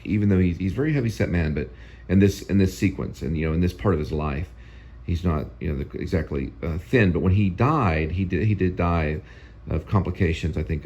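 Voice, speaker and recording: A man's voice: low voice, dark tone. A male host giving casual, rambling film commentary that often repeats itself.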